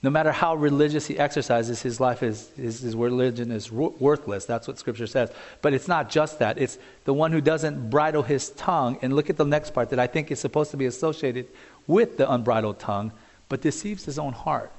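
Animated preacher in a reverberant hall. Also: male voice, medium pitch, a little fast. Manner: conversational, animated preaching with asides and rhetorical questions. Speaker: pastor. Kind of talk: sermon.

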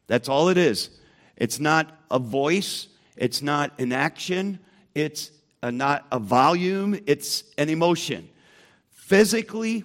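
A man teaching a Bible lesson to a church group, emphatic and asking the room questions. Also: mid-range voice.

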